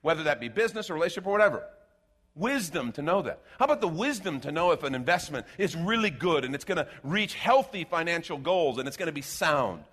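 A man delivering a casual, conversational sermon in a fairly high voice that swings widely up and down. He talks in an animated way, breaks off into sarcastic asides and restarts his sentences often. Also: quick pace, husky. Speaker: pastor.

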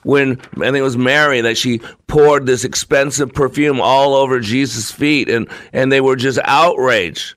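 A man's voice: medium pitch, steady tone, normal speed, hardly any pauses, a bit bright, no room sound. A man hosting his own talk show, delivering an emphatic, repetitive, preacher-like monologue. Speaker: show host.

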